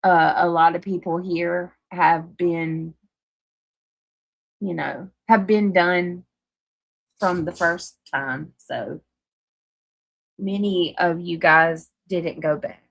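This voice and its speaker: A woman's voice: fairly low pitch, takes it slowly, vocal fry, pauses often, dry recording. A woman with a Southern accent hosting a live stream, chatting casually with viewers and swearing freely. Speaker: livestream host. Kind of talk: casual live chat reading comments.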